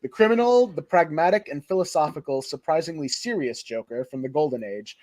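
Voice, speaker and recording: Man, casual podcast chat, rambling, laughing, slightly high voice, dry recording. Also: expressive, fairly quick, darkish tone, dry recording. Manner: rambling, laughs often, acts out quotes. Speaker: podcast co-host.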